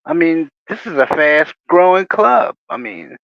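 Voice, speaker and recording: A man's voice: sits high, measured pace, gravelly, no room sound. A man hosting a casual livestream, rambling through jokey stories with chuckles. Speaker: livestream host. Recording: dry, muffled lo-fi audio.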